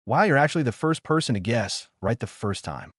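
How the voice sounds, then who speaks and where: A man voicing a brash teenage ninja boy who taunts in a rough, menacing way in a fan-fiction reading. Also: medium pitch, animated, fairly quick, dry recording, clean studio sound. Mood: mocking.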